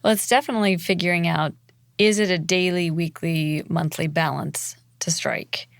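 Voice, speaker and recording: A woman's voice: fairly low pitch, normal speed, vocal fry, no echo, clean studio sound. A woman on a podcast, speaking candidly and thoughtfully in casual conversation. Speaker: podcast co-host.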